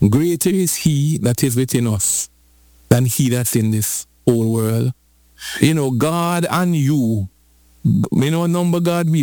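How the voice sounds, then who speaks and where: A man's voice: medium pitch, darkish tone, dry recording. A man preaching a sermon, telling the story playfully with repetition and call-and-response.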